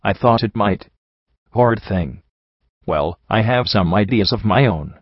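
A man's voice: lowish voice, lively intonation, unhurried, dry recording. Man voicing Rarity, a prim terse unicorn. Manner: clipped, composed. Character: prim refined female unicorn, cool and terse. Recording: dull lo-fi recording.

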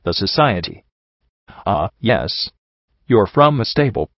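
A man reading the lines of a calm, dignified aristocratic unicorn prince in a storybook. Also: lowish voice, slow, vocal fry, no room sound, muffled recording, exaggerated voice.

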